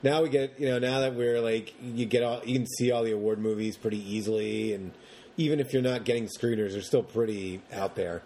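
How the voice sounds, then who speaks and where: A man co-hosting a podcast, chatting casually about movies in long, animated rants and mocking the characters as he goes. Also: lowish voice, brisk, slight background noise. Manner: rambling, animated rants with mocking put-on quotes. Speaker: podcast co-host.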